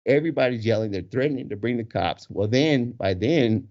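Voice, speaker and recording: A man in his forties with a husky voice, telling a story casually with lots of laughter. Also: medium pitch, a little fast. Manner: animated, laughs often, acts out voices in quotes. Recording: dull lo-fi recording.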